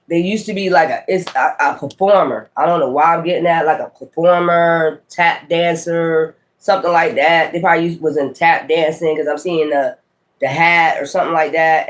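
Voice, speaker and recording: Speaking in a fairly high voice for a man, a tarot reader thinks out loud through a loose, casual reading, punctuated by sudden exclamatory asides.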